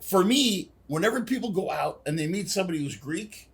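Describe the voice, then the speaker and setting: A man with a high, husky voice in casual podcast chat. He tells stories animatedly, keeps the banter moving and slips into mock voices. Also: animated, brisk. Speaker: guest comedian.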